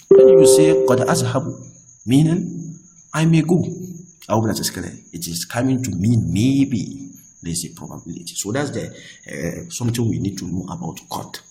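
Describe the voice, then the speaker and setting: Patient low-voiced male grammar teacher. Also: mellow, poor audio. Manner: patient, repeats examples and checks understanding; reads Arabic examples between English explanations. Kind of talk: explaining a lesson.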